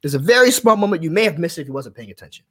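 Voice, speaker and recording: A man's voice: a little high, sing-song, racing, fairly bright tone, breathy edge. A man co-hosting a casual aftershow podcast, ranting profanely and acting out quotes. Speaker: aftershow co-host.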